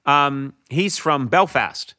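A podcast guest telling animated comic stories in casual chat. His voice is bright and forceful, pitched a little high for a man. He jumps up in pitch for comic emphasis. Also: slow.

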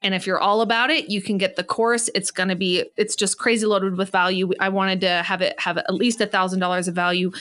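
A woman's voice: medium pitch, level tone, a little fast, few pauses, a bit bright. Woman coach guest on a podcast, emphatic and preachy, medium voice. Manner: emphatic, preachy motivational delivery. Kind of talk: podcast interview.

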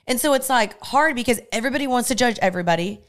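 A woman's voice: on the high side, lively intonation, very fast, a bit bright. A young woman co-hosting a podcast, talking earnestly about faith in casual chat and acting out what others say. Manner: earnest, talks through her faith with quoted asides. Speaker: podcast co-host.

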